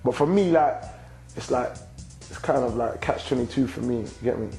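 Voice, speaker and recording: A young London man in his twenties answers interview questions in a loose, slang-heavy flow, with a low, mellow voice. There is a gravelly fry to his tone. Faint music plays behind him. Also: fast talker, poor audio. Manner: slang-heavy, constant "you get me" tags. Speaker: rapper and actor being interviewed.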